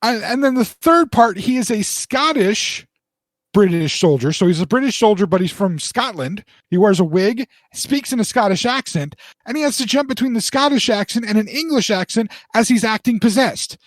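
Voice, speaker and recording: Man in his forties, fairly high voice, rambling animated storyteller, dry close sound, casual podcast chat. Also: normal speed, no room sound. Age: 40s. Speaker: podcast co-host.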